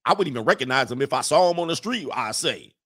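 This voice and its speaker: A man's voice: medium pitch, expressive, fast, fairly bright tone. A man putting on a Southern-accented cartoon rooster voice, drawling and stammering "I say" as he reads quotes. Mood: blustering.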